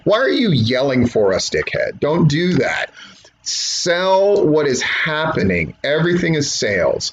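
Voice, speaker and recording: A man's voice: a little high, very animated, moderate pace, a little hiss or hum, poor audio. A man reviewing a wrestling match, blunt, profane and opinionated, mocking others in impressions. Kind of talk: profane rant-style review commentary.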